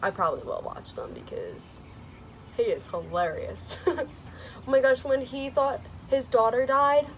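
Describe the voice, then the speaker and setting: A young woman vlogger chatting casually about a movie she just saw, gushing and excitable, with lots of "like"s, laughs and sighs. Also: measured pace, a little hiss or hum. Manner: gushing and excitable, many "like"s, laughs and sighs, swings into squealing high quotes. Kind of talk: casual chat.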